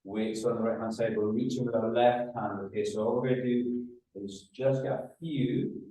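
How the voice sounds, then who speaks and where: A man leading a guided exercise class as a running rehab coach, giving calm cues and counting down reps. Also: mid-range voice. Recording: very echoey room, mic far off.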